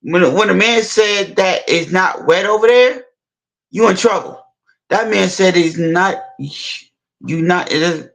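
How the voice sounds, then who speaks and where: High-voiced man, rambling casual retelling. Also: gravelly, a bit bright, poor audio. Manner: rambling, halting, many restarts and repeats. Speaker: storyteller.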